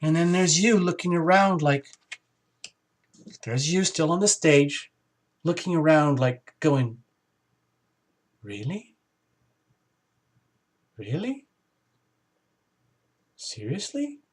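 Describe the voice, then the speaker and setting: A man giving a casual, rambling tarot reading, animated and exclamatory as he talks to his viewers. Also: fairly high pitch, measured pace, pauses often. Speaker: tarot reader.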